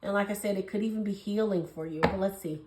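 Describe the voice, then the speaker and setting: Young female tarot reader, quick and affectionate delivery, roomy echo. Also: medium pitch, noisy background. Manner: fast, gushing and affectionate, calls viewers babies and honey. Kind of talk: casual tarot reading to camera.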